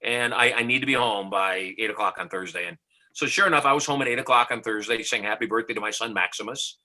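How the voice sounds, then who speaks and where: A middle-aged American motivational speaker, appearing as a podcast guest, confidently tells a story and acts out the dialogue. His medium-pitched voice is quick and sharp, and the recording quality is low.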